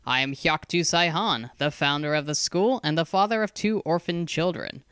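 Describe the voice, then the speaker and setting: The narrator voices a calm male school founder in a storybook reading, patient and quietly firm. The voice stays smooth and close in a dry space, never raised even when he presses. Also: mid-range voice, normal speed, no echo, lightly acted. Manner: calm, patient, gently insistent.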